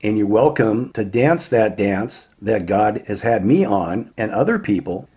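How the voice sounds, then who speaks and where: A man's voice: lowish voice, animated, unhurried, dark tone, husky. A man preaching a warning sermon, emphatic and firing rhetorical questions at his listeners.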